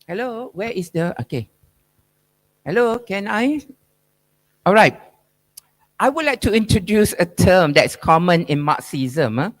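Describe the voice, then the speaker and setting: With an expressive, high-sitting voice, a keynote speaker unhurriedly makes his academic case, leaving long pauses. He drives his arguments emphatically through rhetorical questions and "right?" tags, probing as he goes.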